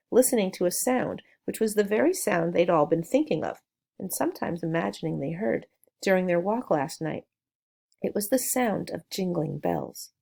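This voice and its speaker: A woman reading a children's novel aloud, telling the story gently with small asides to the listener. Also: on the low side, gravelly. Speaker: narrator.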